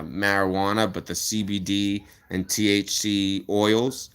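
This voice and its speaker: A man's voice: low voice, clear, resonant tone. Furious, profane male livestreamer. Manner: heated, profane, threatening, repetitive. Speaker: livestream host. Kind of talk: angry livestream rant.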